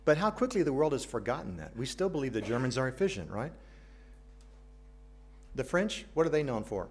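A man's voice: medium pitch, big pitch swings, brisk, darkish tone, breathy edge. American man preaching a sermon. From United States. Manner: earnest, asks the congregation questions, light jokes. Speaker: pastor.

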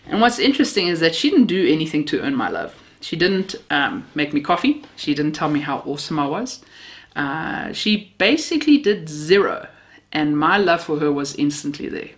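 A woman's voice: sits low, big pitch swings, moderate pace. A woman from Namibia, preaching a sermon built on personal stories, heartfelt with a self-mocking sense of humor.

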